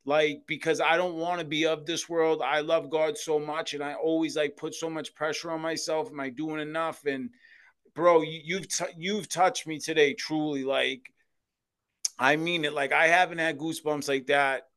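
A man's voice: fairly high pitch, steady tone, normal speed, fairly bright tone, clean tone. A man hosting a podcast, speaking emphatically and from the heart in casual talk. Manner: emphatic, heartfelt, says "bro" a lot. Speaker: podcast host. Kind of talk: casual chat.

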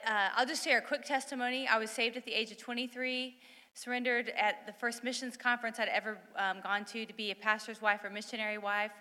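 A woman's voice: mid-range voice, pushed and bright. A woman, a missionary's wife, giving an earnest, heartfelt personal testimony at a church service. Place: church sanctuary. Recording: reverberant church hall.

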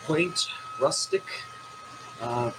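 A man's voice: fairly high pitch, extremely slow, noisy background. A man voicing a pompous, boastful male war veteran in a tabletop game, speaking grandly and formally.

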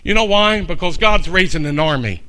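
Older pastor guy preaching hard, high bright voice, goes from quiet to yelling. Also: lively intonation, moderate pace. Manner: fiery, swings from hushed to shouting. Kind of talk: sermon.

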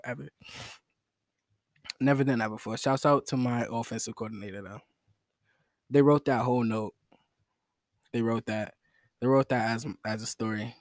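A man's voice: medium pitch, dry recording, studio quality. A young man hosting a solo podcast in a rambling, slangy, self-mocking, joking way. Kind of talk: casual joking monologue.

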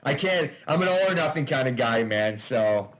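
A man's voice: medium pitch, animated, normal speed, slight background noise. A man, a stand-up comedian, chatting casually as a podcast guest, loose and laughing, with frequent swearing.

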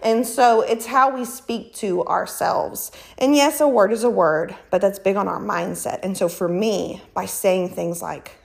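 A woman's voice: medium pitch, unhurried, gravelly, hardly any pauses, a little mellow. A woman speaking as an interview guest, emphatic and faith-filled, slightly out of breath. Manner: emphatic, faith-filled, acts out quoted voices. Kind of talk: casual conversational interview.

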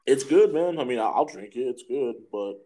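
A man on a casual podcast, swearing often and rambling through stories in a middle-pitched, ordinary voice. His talk is loose and full of fillers, the sound of a relaxed chat between friends. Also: moderate pace, poor audio. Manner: profane storyteller, acts out voices in his anecdotes. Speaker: podcast host.

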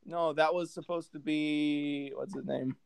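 A man's voice: fairly high pitch, steady tone, a little slow, creaky, clear, resonant tone, dry recording. A young man chatting casually with friends, laughing and trying out movie voice impressions. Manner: laughing, playful, tries movie-villain voices. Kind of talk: casual chat among friends, doing voice impressions.

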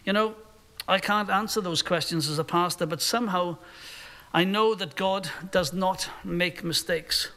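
A man's voice: high voice, steady tone, unhurried, bright, forceful tone. A male pastor delivering a sermon in an earnest manner, sometimes acting out imagined voices.

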